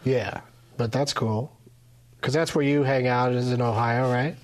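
A man hosting a podcast in a casual chat, relaxed and full of fillers. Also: medium pitch. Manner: relaxed, drawn-out filler-heavy delivery. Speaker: podcast host.

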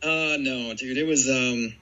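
Bright-voiced guy in his 40s rambling through old ballplayer stories, dude this dude that, kinda dull lo-fi sound. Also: mid-range voice, unhurried. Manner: rambling, animated storytelling full of "dude" and "man". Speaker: former baseball player, guest. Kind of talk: casual storytelling interview.

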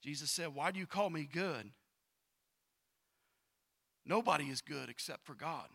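Reading scripture and talking casually with his congregation, a pastor swings between hushed asides and loud, pressing bursts, leaning on slang and repetition. His voice is bright, forceful and gravelly, a bit high for a man, animated and a little slow.

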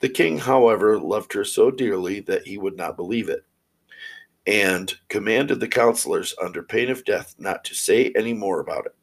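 A man reading old fairy tales aloud in a steady, measured way. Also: fairly low pitch, creaky, low-quality recording. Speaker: storyteller.

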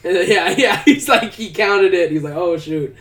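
A man's voice: high voice, a little slow. A man, casually retelling a movie plot and acting out the characters' lines. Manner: animated storyteller who acts out characters' lines. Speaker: podcast co-host recapping a movie. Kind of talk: casual chat. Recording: roomy, from a distance.

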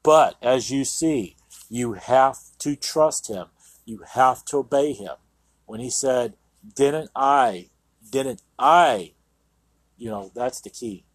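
A man's voice: medium pitch, takes it slowly, slightly rough, no room sound. A man hosting a Christian radio program, reading scripture aloud and commenting on it earnestly and emphatically. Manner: earnest, emphatic, with frequent "you know". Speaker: radio show host and Bible teacher. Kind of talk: Bible reading with sermon commentary.

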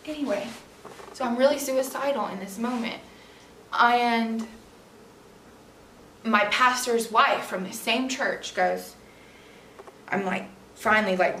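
Speaking slowly with long pauses, this twenty-something podcast host has a fairly high, pushed, bright voice as she shares a personal story, candid and chatty, leaning on "like" and "literally." A camera mic set at a distance in a room at home picks her up, giving an echoey sound and slight hiss.

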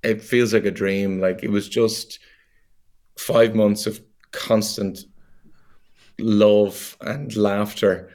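An Irish man, a young adult actor, chatting as a guest in an interview, animated and full of fillers and laughs. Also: fairly low pitch, slow. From Ireland. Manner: animated storyteller, laughs easily, many fillers. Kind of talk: casual interview chat.

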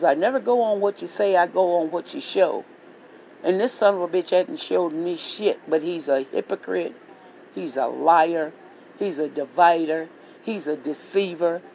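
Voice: mid-range voice, vocal fry, mellow, slight background noise, low-quality recording. A vlogger delivering a heated political rant monologue, swearing freely and repeating phrases for emphasis. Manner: profane, repetitive, heated ranting.

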